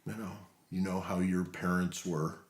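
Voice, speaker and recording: A middle-aged man presenting a workshop, speaking in a calm, reassuring manner. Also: deep voice, normal speed, reverberant. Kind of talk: role-play demonstration.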